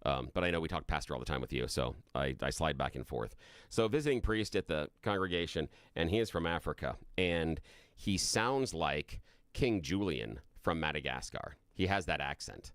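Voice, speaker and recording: A man's voice: extremely low pitch, expressive, normal speed, fairly bright tone, dry recording, studio quality. A middle-aged man co-hosting a radio show, telling a story in casual banter and often chuckling. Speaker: radio co-host. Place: radio studio. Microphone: studio microphone.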